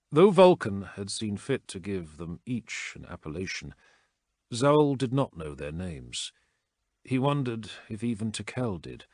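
A man reading a war story aloud as narrator, in measured, dramatic storytelling. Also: lowish voice, dry recording. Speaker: audiobook narrator. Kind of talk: scripted narration.

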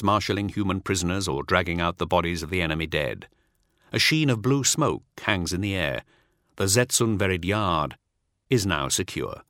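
A man narrating an audiobook in a measured, dramatic storytelling manner. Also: low-pitched, a bit bright, no echo, clean studio sound.

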